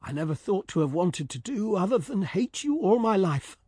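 A man reading the part of a proud middle-aged landowner offering peace to an old enemy, in a measured, earnest way. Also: sits high, very animated, warm tone, husky, no echo, clean studio sound, pitched above the performer's own voice, heavily acted. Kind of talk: dramatic story reading.

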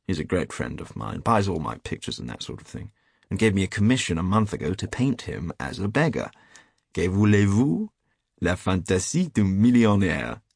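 A worldly painter with a drawling, teasing manner, read by a man. The voice is low and husky. The reading is dry and close. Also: big pitch swings, moderate pace, no room sound, heavily acted.

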